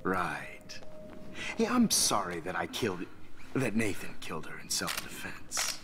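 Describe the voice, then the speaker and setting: An actor playing a calm, condescending middle-aged teacher who is a villain in a game, talking in a soft, controlled whisper. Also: male voice, sits low, slight background noise, heavily acted. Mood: menacing. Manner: slow, condescending, lilting. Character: calm, menacing male photography teacher, villain.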